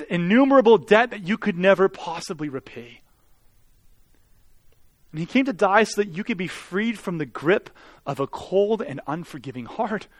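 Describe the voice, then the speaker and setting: A man, a pastor, preaching a sermon with earnest intensity, swelling loud and then dropping to soft, intimate tones. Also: sits high, no echo.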